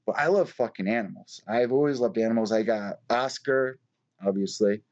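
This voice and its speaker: A man's voice: lowish voice, moderate pace, darkish tone, dull audio. A man hosting a live show, telling a rambling story in casual, profane chat. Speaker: host of a live news show.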